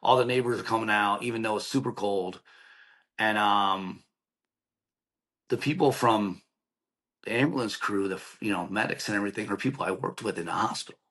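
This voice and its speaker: A man in his thirties, appearing as a podcast guest, haltingly recounts a painful personal story, restarting often as emotion takes over. His voice sits on the low side with a fairly bright tone, and the recording is rough.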